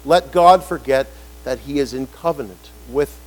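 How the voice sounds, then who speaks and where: A man preaching a sermon in an animated way, acting out quoted voices with emphatic rises. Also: mid-range voice, moderate pace, poor audio.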